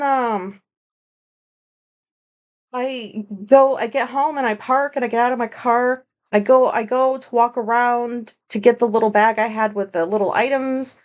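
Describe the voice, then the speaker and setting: A woman hosting her own podcast, talking in a candid, rambling monologue full of fillers and swearing. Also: a little high. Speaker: podcast host. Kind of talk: casual solo podcast monologue.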